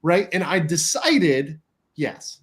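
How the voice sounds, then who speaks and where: A man's voice: on the high side, sing-song, slow pace, a bit bright. A man from the United States in a casual chat, rambling with many fillers, swearing often and keeps checking in with "right?". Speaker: co-host.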